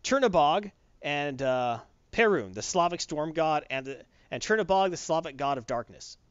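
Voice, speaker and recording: Animated man recapping a comic, lo-fi. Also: a little high, clear, resonant tone, dry recording. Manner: animated, acts out characters' lines in quick voices. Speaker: comic book podcast host. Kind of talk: casual chat recapping a comic. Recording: dull lo-fi dry recording.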